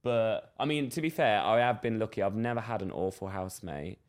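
A man's voice: on the low side, brisk. Chatty young man telling a story. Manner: animated storyteller, laughs often, acts out voices. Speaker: podcast co-host. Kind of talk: casual chat, storytelling.

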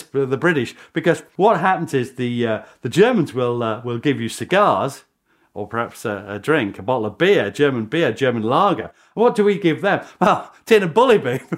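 A man speaking as a historian in a documentary interview, telling the story with chuckles and restarts. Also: medium pitch.

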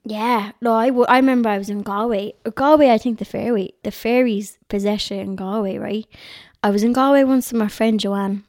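Speaking a little fast in a higher-pitched voice, an Irish woman with a North Dublin accent tells lively stories and laughs often as a podcast guest at her home. She's a lifestyle blogger. The audio is clean studio sound with no room sound.

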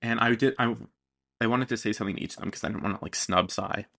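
A young man co-hosting a podcast, telling stories in an animated, chatty way and acting out what people said. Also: lowish voice, fast talker, creaky. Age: young adult. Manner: animated storytelling with quoted voices. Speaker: podcast co-host. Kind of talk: casual chat.

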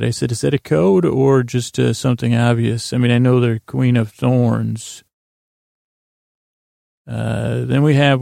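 A man rambles through a TV episode recap in a low-key mumble, stopping and restarting his sentences. His voice is very gravelly and stays on a flat, even pitch. The sound is dry and close, with no room echo. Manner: rambling and meandering, many fillers and restarts. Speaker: podcast host recapping a TV episode. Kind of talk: casual sleepy recap, paraphrasing scenes.

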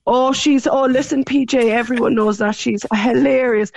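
A woman's voice: on the high side, fairly even intonation, normal speed, creaky, a little mellow, no echo. An Irish woman in her forties chats on a radio show, telling a story with emotion and slipping into other people's voices. Her voice comes through a dull, muffled line. The sound is dry and close. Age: 40s. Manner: chatty, emotional, quotes others often. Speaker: radio guest. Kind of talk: casual storytelling chat.

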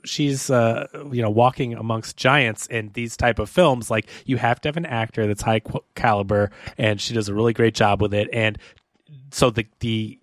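A man's voice: mid-range voice, fairly even intonation, moderate pace, no room sound, studio quality. A man hosting a podcast interview, talking in long rambling stretches with frequent restarts. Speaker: podcast host.

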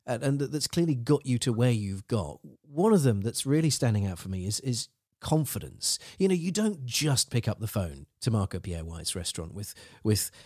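A man's voice: medium pitch, big pitch swings, moderate pace, few pauses, darkish tone, no echo, clean studio sound. A man hosting a podcast, asking questions eagerly and agreeing with enthusiasm. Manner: eager, agreeable questioner who laughs along. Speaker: podcast host. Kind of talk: casual podcast interview.

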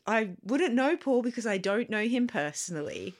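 A woman's voice: on the high side, very animated, moderate pace. A woman co-hosting a podcast in casual chat, thoughtful and a little hesitant, often restarting her sentences. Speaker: podcast co-host.

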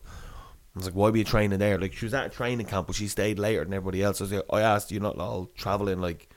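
A man's voice: fairly low pitch, fairly even intonation, rapid-fire. A young man telling a long, rambling anecdote in casual chat, swearing and laughing as he goes. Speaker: storyteller.

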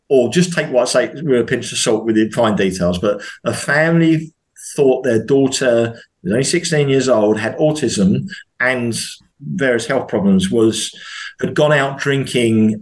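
A man from the UK, appearing as a podcast guest, chats casually and animatedly at a medium pitch and normal speed. He restarts hesitantly a lot, and his questions rise sharply when he gets indignant.

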